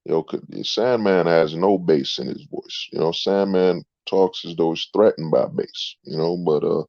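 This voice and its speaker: A man's voice: sits low, measured pace, creaky, darkish tone, no echo. A man hosting a livestream, ranting in a rambling, sarcastic way, filling gaps with "you know what I mean". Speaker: channel host. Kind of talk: livestream rant. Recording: dull lo-fi, dry sound.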